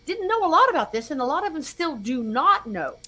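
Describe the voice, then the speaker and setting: A woman in her sixties from Virginia, a music historian interviewed as a guest, telling her story in a lively conversational way and acting out the voices of people she quotes. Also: high voice, fairly quick. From Virginia, USA. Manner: animated storyteller who acts out quoted dialogue.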